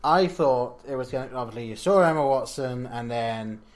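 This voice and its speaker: Male podcast co-host, medium voice, halting casual delivery. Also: mid-range voice. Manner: hesitant, restarts often, chuckles. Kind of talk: casual film review chat.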